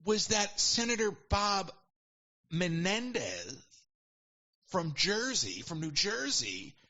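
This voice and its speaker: At home, a man guesting on a podcast casually tells a long story, animated and quick to quote people in put-on voices. His voice is high, and the recording has its highs cut off.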